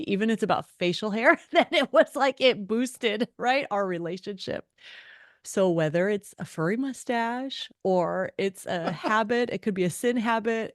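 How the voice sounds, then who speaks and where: A middle-aged woman author, a guest on a podcast, chatting and telling lively stories, acting out the voices of people she quotes. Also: medium pitch, no room sound, clean studio sound. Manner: animated storyteller, acts out quoted voices. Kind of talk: conversational interview.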